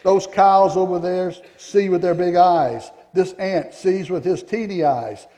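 A man voicing a yellow wooden figure who confidently explains everything in a storybook reading. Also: high-pitched, unhurried, in a large hall. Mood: explaining. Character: know-it-all yellow wooden male figure.

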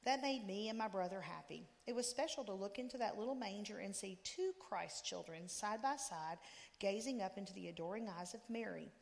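A woman's voice: medium pitch, a little fast, creaky. Woman reading a story in a church. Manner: expressive storytelling. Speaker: story reader. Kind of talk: reading a Christmas story aloud. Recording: long reverb in a church.

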